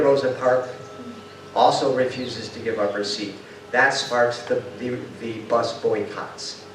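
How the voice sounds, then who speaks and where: An older man giving a storytelling talk to an audience, a lively speaker who acts out quotes and puts questions to the room. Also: medium pitch, slight background noise. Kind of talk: storytelling lecture. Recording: roomy hall sound from far off.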